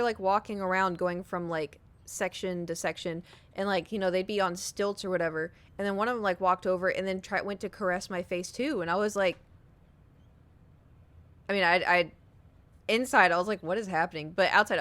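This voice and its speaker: Animated, giggly young woman streamer. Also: mid-range voice, no room sound. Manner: animated storytelling, giggly, swears casually. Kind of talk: casual chat with stream viewers.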